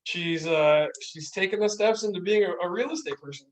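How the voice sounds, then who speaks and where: A man's voice: high voice, fairly quick, recorded from a distance, low-quality recording. A man co-hosting a casual podcast, telling rambling stories full of fillers. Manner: animated, rambling storyteller with many fillers. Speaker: podcast co-host. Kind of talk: casual chat. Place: small room, beer podcast.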